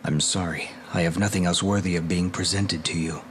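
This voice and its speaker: Man voicing a devoted young shadow knight, low voice, gentle, formal, faint hiss behind. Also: fairly even intonation, a little fast, natural voice. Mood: earnest. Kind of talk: game voice acting.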